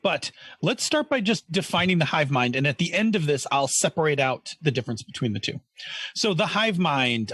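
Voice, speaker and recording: A man co-hosting a gaming podcast in casual chat, excitable and rambling, with many fillers and restarts. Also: a little high, fairly quick, breathy edge, no echo. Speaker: podcast co-host.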